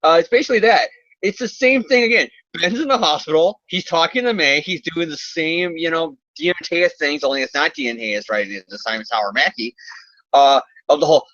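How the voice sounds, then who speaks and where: A man's voice: a little high, a little fast, pushed and bright, no room sound, muffled recording. A man hosting a casual comedy podcast, recapping a comic in a rambling, sarcastic, profane way.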